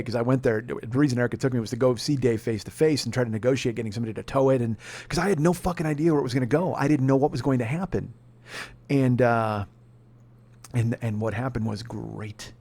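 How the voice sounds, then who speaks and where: A man's voice: medium pitch, a little mellow. A man from Chicago hosting a podcast, telling a rambling, profane, self-deprecating story in a casual way. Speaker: podcast host.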